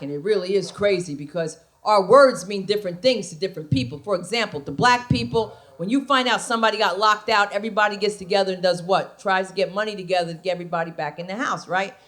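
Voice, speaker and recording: A woman's voice: medium pitch, a bit bright. A woman comedian doing stand-up, telling stories brashly and with animation.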